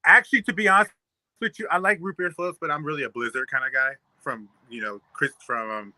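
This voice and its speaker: A man's voice: on the high side, fairly quick, sharp tone, dry recording. A man co-hosting a sports podcast, ranting emphatically in casual talk. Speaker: podcast co-host.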